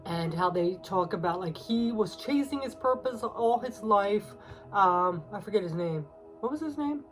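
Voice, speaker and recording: A woman with a mid-range voice does a casual tarot reading on a rough recording. Her tone is confiding and emotional, with soft laughs and plenty of fillers, and she sounds teary, nearly in tears.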